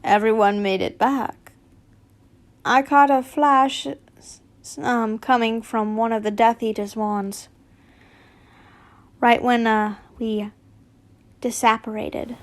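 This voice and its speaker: A woman voicing a gruff, grizzled old male auror in a fanfiction reading, speaking in clipped reports. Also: on the high side, steady tone, takes it slowly, pauses often. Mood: brisk. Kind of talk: fanfiction read aloud.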